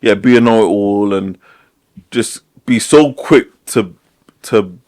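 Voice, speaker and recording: A man's voice: fairly low pitch, takes it slowly, a little mellow. A man co-hosting a casual podcast, rambling and restarting his thoughts often. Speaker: podcast co-host. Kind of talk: casual chat.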